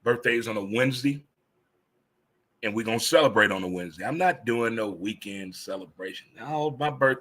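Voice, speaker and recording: Bright-voiced man hosting a live chat show. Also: on the low side, moderate pace. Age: 50s. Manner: laughs easily, animated and joking. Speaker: host.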